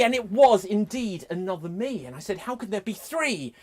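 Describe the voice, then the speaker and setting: A man's voice: high-pitched, lively intonation, normal speed, few pauses. Man telling a wild improvised story. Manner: over-the-top dramatic, swings from hushed to shouting. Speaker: improv performer. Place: live online improv show.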